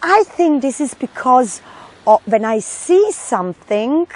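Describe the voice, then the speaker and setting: Middle-aged woman doctor telling her own story, slow and halting, searching for words. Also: high-pitched, big pitch swings, darkish tone, poor audio. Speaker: doctor recounting a personal experience. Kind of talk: personal testimony.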